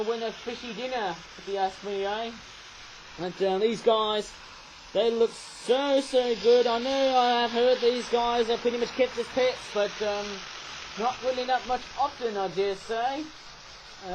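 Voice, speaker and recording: A man with a high voice, on a rough recording, chats his way through a casual toy review, rambling and tagging his lines with "eh?". A toy train runs in the background, and he raises his voice over its noise.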